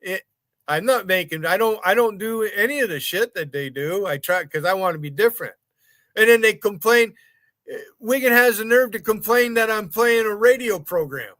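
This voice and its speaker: A man's voice: high-pitched, lively intonation, moderate pace, fairly bright tone, dry recording, clean studio sound. An American man hosting his own live stream, chatting crudely and boastfully, often stammering over restarts. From United States. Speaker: streamer host. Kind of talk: casual chat on a live stream.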